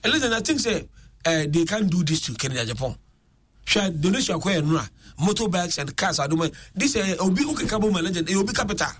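Fast, high-voiced talk radio man. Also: slightly rough. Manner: mixes English and Twi, excitable. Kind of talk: animated political talk radio commentary.

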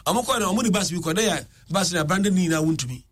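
A man hosting political talk radio, switching between English and Twi with excitable commentary. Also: high-pitched, fast.

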